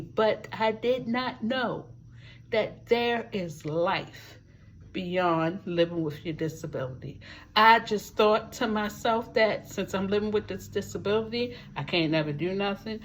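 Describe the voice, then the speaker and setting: A woman's voice: mid-range voice, unhurried, a little hiss or hum. A woman speaking to her viewers in a personal testimonial, talking emphatically, repeating words for effect and dropping folksy asides. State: living with a disability, wheelchair user. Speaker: vlogger sharing her life with a disability. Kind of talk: personal testimonial talk to camera.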